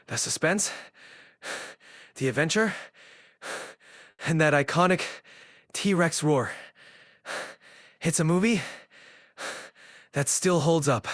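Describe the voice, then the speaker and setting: A man's voice: on the high side, slow pace, long pauses, fairly bright tone, dry recording, studio quality. A man talking in a casual chat, out of breath and sighing heavily between phrases.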